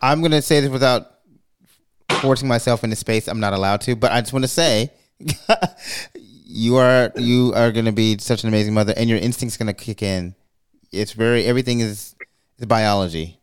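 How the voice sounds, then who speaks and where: A man's voice: mid-range voice, fairly quick, clear, resonant tone. A man co-hosting a podcast, chatting casually and telling a story with laughs and acted-out quotes. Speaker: podcast co-host. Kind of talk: casual chat.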